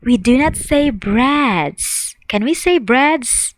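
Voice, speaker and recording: A woman teaching an English grammar lesson, speaking slowly and repeating key words for learners to say along with her. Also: high voice, expressive, poor audio. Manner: slow, drilling and repeating words, asks students to repeat.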